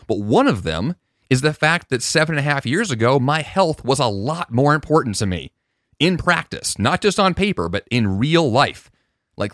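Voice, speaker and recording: A man talks through his podcast alone, earnest and reflective, often backing up and restarting a thought. His voice sits in a middle pitch. The sound is dry and close, with no room around it. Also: fairly bright tone, no echo. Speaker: podcast host. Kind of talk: casual solo podcast monologue.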